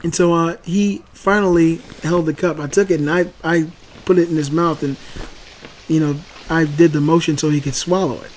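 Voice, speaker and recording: A man hosting a channel, telling a family story casually and acting out the quoted lines loudly. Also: a little high, fairly even intonation, normal speed, slight background noise. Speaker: channel host and father.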